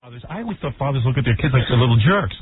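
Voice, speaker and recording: A man's voice: mid-range voice, lively intonation, rapid-fire, crowd noise. A man hosting a talk radio show, brash and joking, telling stories about his father. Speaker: radio host. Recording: tinny phone-like radio audio.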